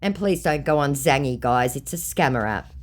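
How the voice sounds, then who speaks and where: A woman hosting her channel, retelling a scammer chat in a sarcastic, expressive way. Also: very deep voice, normal speed. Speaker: channel host.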